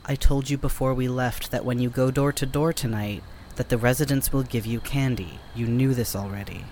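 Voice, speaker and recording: Casting: a man playing a deadpan, formal, sardonic companion, mid-pitched, audio drama. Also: normal speed, slight background noise, natural voice. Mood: dry. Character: dry, sardonic, verbose male companion.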